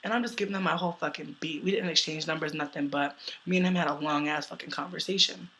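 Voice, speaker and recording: A young American woman telling a personal story in a loud, brash, profane way, laughing often. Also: deep voice, fast, poor audio. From United States.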